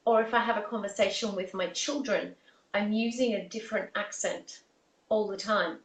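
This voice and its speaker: A woman's voice: mid-range voice, fairly even intonation, moderate pace. A woman with an Australian accent, a vocal coach, earnestly explaining points with spoken examples in an interview. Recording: roomy echo, mic at a distance.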